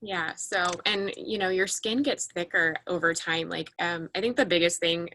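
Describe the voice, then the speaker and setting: A woman's voice: fairly low pitch, normal speed, bright, forceful tone, no echo. A woman guest in a casual chat, speaking earnestly with frequent restarts and rambling asides. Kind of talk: casual chat on a video call.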